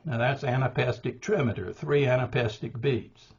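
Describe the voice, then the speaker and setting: An older man teaching a poetry workshop, explaining meter in a deliberate way with small restarts. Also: medium pitch, slightly rough. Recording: dull, muffled recording.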